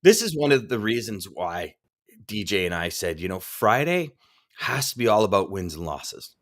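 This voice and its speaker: Co-hosting a live sales show, a man with a lowish, very animated voice reads viewer comments aloud at normal speed. He cheers the viewers on with enthusiasm.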